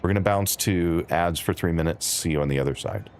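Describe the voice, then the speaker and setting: A man's voice: low voice, brisk, soft background music. A man streaming a game, chatting with his viewers in a dry, wry, casual way. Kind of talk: casual live-stream commentary.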